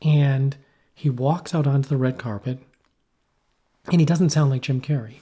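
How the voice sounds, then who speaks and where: A man talking casually on a podcast, with a warm, mellow tone and a middle-pitched voice. He rambles through a story with lively asides and playful tangents. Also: normal speed. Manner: rambling, animated storytelling with playful mock accents. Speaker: podcast co-host. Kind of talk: casual conversational podcast chat. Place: poorly heated shack.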